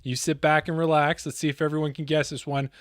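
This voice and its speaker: A man hosting a podcast, telling a dramatic scripted story with big pauses, then chatting casually with his guest. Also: on the high side, little pitch movement, no echo, studio quality. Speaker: podcast host.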